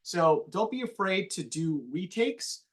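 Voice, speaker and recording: A man who works as a TV news anchor, giving a casual classroom lecture on voiceover with animated, quick talk and a slight mumble. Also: sits high.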